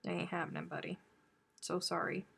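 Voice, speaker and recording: A woman's voice: lowish voice, a little fast, creaky, slightly rough. A woman from the American South with a Southern accent, hosting a casual live chat with viewers and telling chatty stories. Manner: chatty storytelling, animated when telling stories. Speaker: crochet live stream host.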